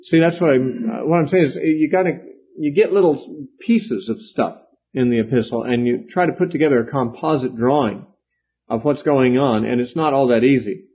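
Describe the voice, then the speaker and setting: Husky man giving a casual Bible lecture. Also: medium pitch, normal speed. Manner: conversational, with fillers and asides. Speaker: Bible teacher. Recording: dull, lo-fi lecture recording.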